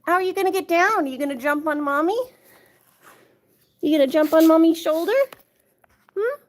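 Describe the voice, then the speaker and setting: A woman with a high voice talks casually on a live stream. She coos at her cat in sing-song baby talk, then chats with viewers as she reads their messages aloud. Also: moderate pace. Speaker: livestreamer with pet cats.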